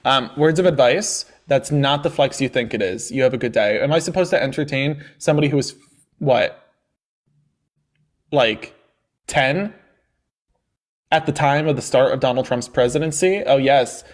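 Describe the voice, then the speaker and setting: A man's voice: mid-range voice, normal speed, long pauses. A man hosting a live-stream call-in debate, mocking and needling his guests and laughing often. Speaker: livestream debate host.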